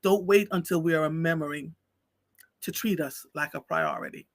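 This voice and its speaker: A man hosting a livestream, reading a story aloud slowly and with feeling, then chatting with viewers. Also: fairly high pitch, huge pitch swings, no room sound. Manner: slow, heartfelt reading with dramatic pauses. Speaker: livestream host.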